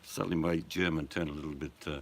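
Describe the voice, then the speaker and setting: An older Australian man chatting casually, a rambling storyteller who chuckles and slips into loud put-on voices in his anecdotes. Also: rumbling low, steady tone, quick pace, gravelly, slight background noise. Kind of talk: casual chat.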